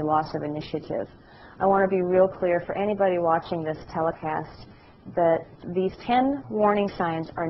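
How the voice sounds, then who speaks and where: A middle-aged woman giving a class lecture, telling anecdotes in a lively way and acting out the voices of people she describes. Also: on the low side, muffled recording, slight background noise. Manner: animated storytelling, acts out voices.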